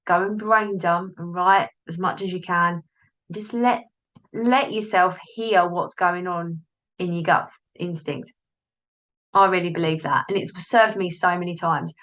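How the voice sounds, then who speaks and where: A woman who is a business coach hosts a solo podcast, chatting and interrupting herself while acting out inner voices. She speaks a little slowly in a lowish, a bit bright voice with fairly even intonation. It's a low-quality recording made on the device's built-in mic rather than the plugged-in one.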